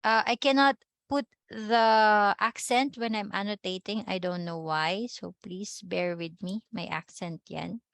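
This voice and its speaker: A Filipino-accented woman teaches a class, taking each point slowly and stopping often to ask if everyone follows. Her voice is close and dry, with no room sound around it. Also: medium pitch, steady tone, vocal fry, a bit bright, no room sound. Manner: patient, checks understanding with frequent tag questions. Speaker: language teacher. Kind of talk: classroom lecture.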